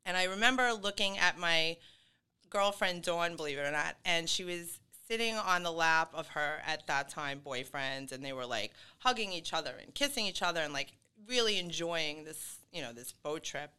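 A middle-aged woman chats on a podcast, her voice bright and crisp. She rambles through her story with fillers and quick laughs, sitting slightly low in pitch for a woman. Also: animated. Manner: chatty, full of fillers and laughs. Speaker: guest. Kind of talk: casual podcast conversation.

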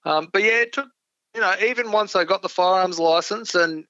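Aussie bloke guesting on a podcast, gravelly, kinda bright and tense, slightly high voice, dull lo-fi sound. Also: male voice, brisk, no echo. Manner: easygoing, self-deprecating storyteller. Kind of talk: casual chat about hunting.

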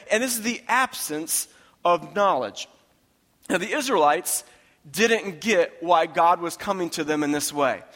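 A man's voice: sits high, a bit bright, in a large hall. A man preaching a sermon, talking in a conversational, emphatic way and repeating his phrases for weight. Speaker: pastor.

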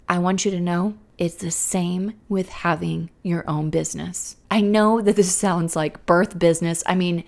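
Animated, encouraging woman speaker. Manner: animated, acts out worried inner voices with big swings in pitch and loudness; earnest and encouraging, repeats key phrases for emphasis. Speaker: motivational speaker for people starting schools. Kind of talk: faith-based encouragement talk.

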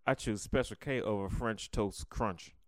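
Low-voiced laid-back man with a slight stutter. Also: no echo, studio quality. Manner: slight stutter, halting restarts. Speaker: podcast co-host. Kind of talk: casual chat.

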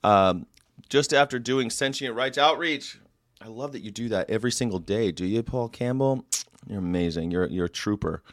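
Male host, lowish voice, loose and jokey, dry close-mic read. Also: normal speed, no echo. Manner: rambling, jokey, lively asides. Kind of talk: casual livestream chat.

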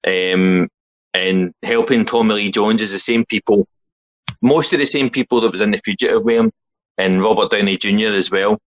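A Scottish man with a lowish voice recaps films in an easygoing way on a casual podcast, laughing often. The sound is dry and a bit dull, with no room around it. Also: fairly even intonation, moderate pace, no room sound. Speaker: podcast co-host. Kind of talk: casual film-chat podcast.

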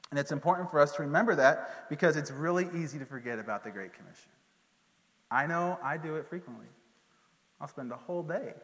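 A man giving a casual Bible lesson to a group, relaxed and joking, with many fillers and restarts. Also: on the high side, in a large hall. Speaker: teacher.

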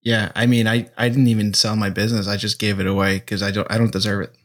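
A man's voice: on the low side, flat delivery, fast talker. A man co-hosting a podcast in casual chat, putting on a mock-mournful, overdramatic tone. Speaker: podcast co-host.

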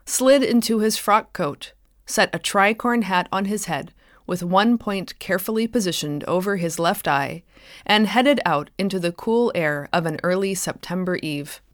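A woman author reading her own short story aloud in a measured, expressive way, close to the mic. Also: mid-range voice, no room sound.

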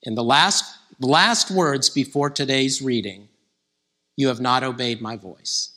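A man preaching a conversational sermon, growing animated when he quotes scripture figures. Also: mid-range voice, measured pace.

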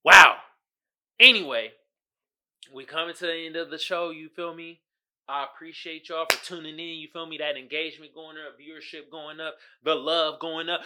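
A man's voice: fairly high pitch, brisk, very noisy. A man hosting his own podcast in casual, joking chat, talking straight to his audience. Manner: animated, joking, talks to the audience as "y'all". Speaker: podcast host.

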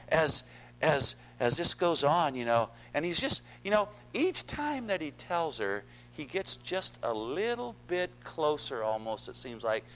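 A man's voice: medium pitch, a bit bright, a little hiss or hum, rough recording. Male pastor, sermon delivery, earnest and repetitive, mid-range voice. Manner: earnest, repeats words, addresses congregation.

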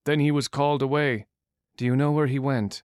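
A man voicing a loyal, fatherly older restaurant worker, gentle and earnest, in an audiobook. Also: medium pitch, steady tone, brisk, clear, resonant tone, dry recording, clean studio sound, pitched above the performer's own voice, lightly acted. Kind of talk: audiobook character voice.

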